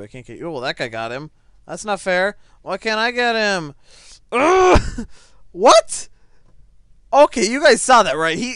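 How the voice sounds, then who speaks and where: A teenage boy giving live commentary on a game he is playing at home, excitable, laughing and stammering as things happen. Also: high-pitched, clean tone, no echo, clean studio sound. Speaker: gaming YouTuber. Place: home, seated in a chair.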